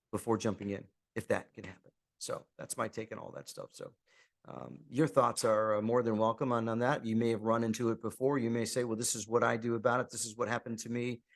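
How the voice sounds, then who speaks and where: A man hosting a podcast alone, talking in a friendly, outgoing, conversational way with restarts and fillers. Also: mid-range voice. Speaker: podcast host; real estate agent. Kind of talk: casual monologue.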